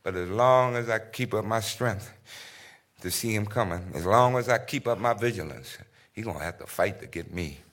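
A man's voice: fairly low pitch, normal speed, a bit bright. A man playing a defiant man facing death. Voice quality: rhythmic, vernacular storytelling. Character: defiant middle-aged man talking about death. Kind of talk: dramatic stage monologue.

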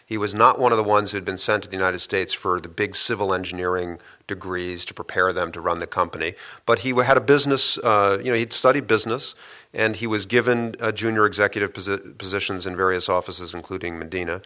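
A man interviewed as a guest, giving long, measured story-like answers with frequent hesitations and restarts. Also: deep voice, steady tone, pushed and bright.

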